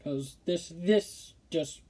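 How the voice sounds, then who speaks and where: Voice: medium pitch, very slow, dark tone. A football commentary streamer ranting with indignation in casual talk, often stammering and restarting sentences. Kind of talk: casual opinion rant.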